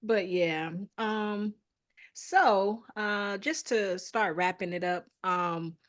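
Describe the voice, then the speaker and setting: A woman's voice: medium pitch, extremely slow. A woman hosting a casual interview, chatty and laughing often. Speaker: interview host.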